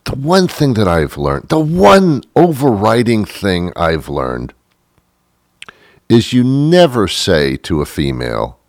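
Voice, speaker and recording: Wry rambling man, lively low voice. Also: measured pace, no room sound, clean studio sound. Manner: wry, rambling, with mock-biblical asides. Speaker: show host. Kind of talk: comic monologue.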